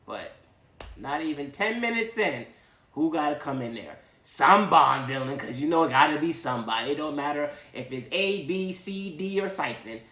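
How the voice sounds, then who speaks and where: Animated man rambling through a movie review. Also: a little high, normal speed, reverberant. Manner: animated, rambling, slangy asides. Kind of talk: casual spoken movie review.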